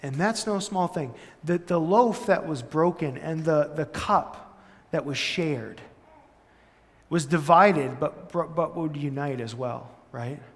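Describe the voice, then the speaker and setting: A pastor giving a casual, storytelling sermon in a church, animated and full of "like" and "right?". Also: male voice, on the high side, takes it slowly. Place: church hall. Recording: long church-hall reverb.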